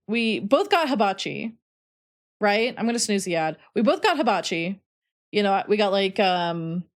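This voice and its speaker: A young adult woman streamer telling a rambling story in a casual, chatty way. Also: mid-range voice. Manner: chatty, rambling, heavy "like" fillers. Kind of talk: casual storytelling while playing.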